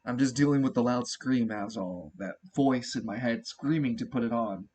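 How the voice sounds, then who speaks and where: A man's voice: mid-range voice, moderate pace, a little mellow, breathy edge, lightly acted. A man voicing a secretive male character who has a migraine and speaks in short, guarded warnings. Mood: strained, guarded.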